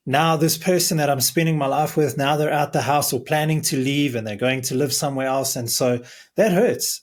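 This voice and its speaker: A man who is a marriage coach, earnestly explaining advice in a podcast conversation. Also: on the high side. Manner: earnest, explaining, restarts words.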